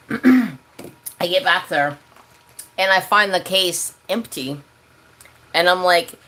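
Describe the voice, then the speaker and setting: A man's voice: high voice, slow pace. Man ranting through a casual story. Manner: animated ranting, swears freely. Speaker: crafting channel host.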